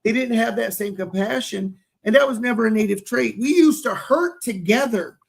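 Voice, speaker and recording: A man in his forties co-hosting a podcast, talking earnestly and warmly about fatherhood, often repeating words as he gathers himself. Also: very high-pitched, moderate pace, creaky. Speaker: podcast co-host. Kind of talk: heartfelt casual conversation.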